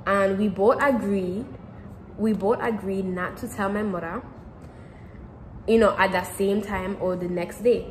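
A teenage girl talks casually to camera, circling back and repeating herself with plenty of fillers. Her pitch sits in the middle range, and a faint hum of background noise runs under the recording. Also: steady tone, a little slow, long pauses, rough recording. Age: teens. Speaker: vlogger.

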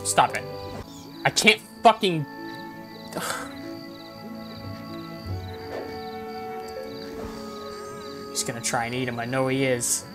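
A young woman giving casual gameplay commentary, swearing often and yelling at the game. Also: rumbling low, big pitch swings, extremely slow, long pauses, music in the background. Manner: swears a lot, yells at the game. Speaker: gaming video creator.

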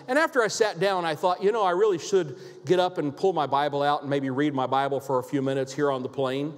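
A man preaches from the pulpit, telling a story from his own life and repeating words as he restarts. His voice sits a little high for a man. A long reverb from a large church hall trails behind every phrase. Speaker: pastor. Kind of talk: sermon with personal story. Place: church sanctuary.

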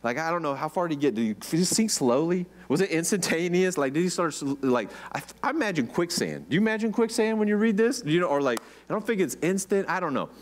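A man's voice: a little high, sing-song, fast, few pauses. A man preaching a casual sermon, chatty and joking, with rhetorical questions and many "like"s. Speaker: pastor.

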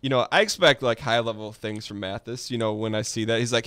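A man hosting a let's play, chatting casually in a relaxed, rambling way and laughing easily. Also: mid-range voice, fairly quick, clean tone, no echo. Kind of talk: casual gaming chat.

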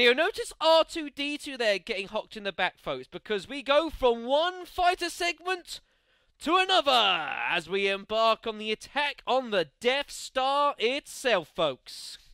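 A man commentating a video game, excitable and self-mocking, yelling at the enemies. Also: sits high, clean tone, no room sound. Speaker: let's play commentator. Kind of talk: gaming commentary. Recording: game music behind the voice.

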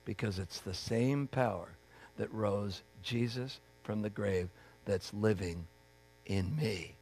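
A man's voice: lowish voice, slow pace, a little mellow. A man preaching a sermon as pastor, in a conversational way, acting out the voices of people he quotes.

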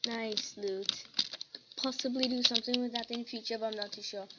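A woman's voice: on the high side, steady tone, normal speed, heavy background noise. A woman giving casual gameplay commentary, humming little sing-song tunes as she plays. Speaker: gamer. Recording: lo-fi with loud keyboard typing.

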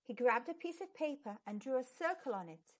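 A woman's voice: high voice, lively intonation, brisk. Sing-song woman reading a storybook. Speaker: channel host and storyteller. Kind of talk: children's book read-aloud.

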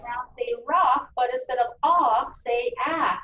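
A woman teacher giving a phonics lesson to children, encouraging and enunciating each sound clearly. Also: sits high, unhurried, sharp tone, muffled recording. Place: meeting room. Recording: echoey room, distant mic, faint noise.

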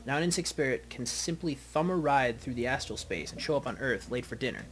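A man's voice: mid-range voice, lively intonation, fairly quick, fairly bright tone, faint music behind, natural voice. A man voicing an ancient, immortal elf in a video game, breezy and mocking. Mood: flippant.

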